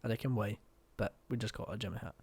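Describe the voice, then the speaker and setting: A man's voice: fairly low pitch, steady tone, very fast, creaky, a little mellow, slightly rough. A young man with an east Scottish accent giving blunt, chatty reaction commentary and swearing casually. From Scotland. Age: young adult. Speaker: reaction video host.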